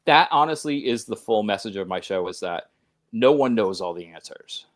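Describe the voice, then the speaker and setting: A man who hosts his own show appears as a guest on a conversational podcast, earnest and emphatic, speaking in long run-on sentences with restarts. His voice is on the low side and expressive, at a moderate pace.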